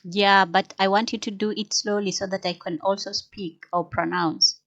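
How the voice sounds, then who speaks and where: A woman practicing phrases with an AI tutor, hesitant and halting, carefully repeating after it. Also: mid-range voice, fairly even intonation, fairly bright tone, dry recording, dull audio. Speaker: language learner.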